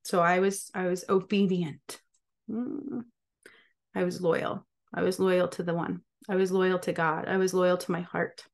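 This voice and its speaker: A woman's voice: fairly low pitch, level tone, measured pace, creaky. A woman speaking casually and emphatically to camera as a spiritual healer, often checking in with her listeners. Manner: emphatic, with frequent rhetorical check-ins. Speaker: spiritual healer and channel host.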